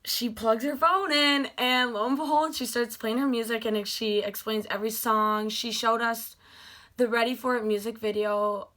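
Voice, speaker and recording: A young woman vlogger telling a story with gushing excitement, full of fillers. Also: fairly high pitch, moderate pace. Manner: gushing, animated, many fillers like "like".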